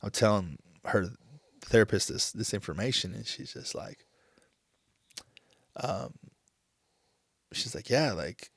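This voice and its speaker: Thirties male podcast host, tearful and halting; low, gravelly voice. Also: expressive, fairly bright tone, dry recording. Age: 30s. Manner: emotional, halting, many restarts. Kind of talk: casual chat.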